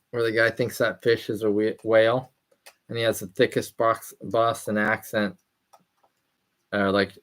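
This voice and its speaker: A man from California hosting a hobby livestream, talking loosely and rambling as he answers chat messages aloud. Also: fairly low pitch.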